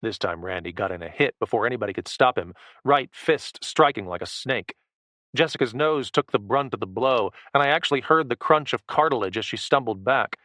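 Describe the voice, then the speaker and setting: A man narrating a first-person action thriller audiobook with a low, tense, steady delivery. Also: brisk, dry recording.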